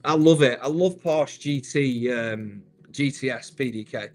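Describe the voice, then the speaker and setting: A man's voice: mid-range voice, unhurried, darkish tone. A man, hosting a live stream, chatty and upbeat, calling viewers "mate". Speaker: host.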